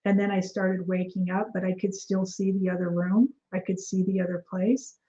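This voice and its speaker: A woman with a warm, mellow voice tells her story as a guest in a casual interview. She talks in an animated way, acts out what other people said, and fills her sentences with ums and restarts. The audio is a little dull and muffled. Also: medium pitch, moderate pace. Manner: animated, acts out quoted dialogue, frequent fillers and restarts.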